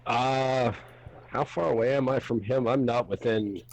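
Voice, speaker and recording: A man's voice: medium pitch, a little slow, poor audio. A man playing in a tabletop game, laid-back and joking in casual chat. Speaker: player.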